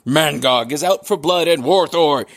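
A man's voice: a little high, unhurried, creaky. A man co-hosting a casual comics podcast, joking, swearing and laughing often. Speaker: podcast co-host reviewing comics. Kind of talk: casual chat.

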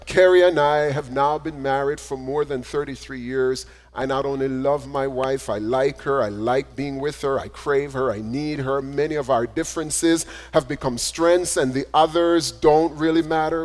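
Male pastor, mid-pitched, storytelling sermon delivery in a church with long reverb. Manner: reads a story aloud, then preaches with gentle repetition. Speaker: preacher. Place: church sanctuary. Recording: echoey hall reverb.

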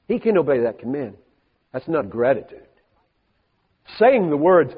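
An older man preaching a sermon as a pastor, emphatic, moving from soft asides to rising peaks. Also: medium pitch, lively intonation, normal speed, breathy edge. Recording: hall reverb on a thin, phone-like band.

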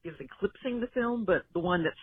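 A woman's voice: mid-range voice, brisk, slight background noise. A woman leaving a voicemail for a podcast, rambling and stammering a little as she gives her picks. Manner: rambling, self-deprecating, stammering. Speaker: voicemail caller. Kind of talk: casual phone message. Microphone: phone. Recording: tinny phone line.

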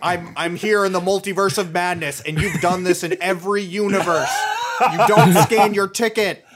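A man's voice: high voice, steady tone, normal speed, a crowd in the background, close to an everyday voice. A man doing a mock-solemn impression of a grandiose male film sorcerer on a podcast.

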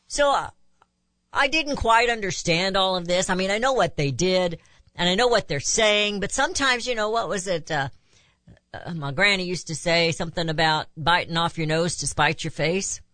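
A woman's voice: on the low side, moderate pace, fairly bright tone, dry recording. A woman hosting a talk radio show, delivering an impassioned opinion monologue full of rhetorical questions.

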